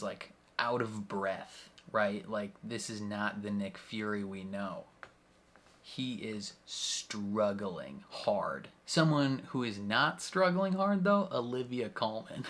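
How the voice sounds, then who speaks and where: A young man casually recapping and reacting to a TV episode, retelling scenes with lively acted-out quotes and frequent laughter. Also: mid-range voice. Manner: animated retelling, acts out quoted lines, laughs often. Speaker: reaction video host.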